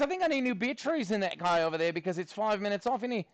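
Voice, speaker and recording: A man teaching a math lesson in a classroom, his voice pitched high and recorded close and dry. He is playful and jokey as he works through problems, now and then throwing in mock Australian slang. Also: animated, fast talker, few pauses, no echo.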